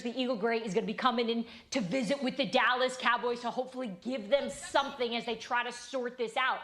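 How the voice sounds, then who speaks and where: A woman's voice: fairly high pitch, fairly bright tone. A woman from New Jersey with a New Jersey accent, speaking bluntly and with animation as a sports analyst on a TV panel. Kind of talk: television sports panel talk.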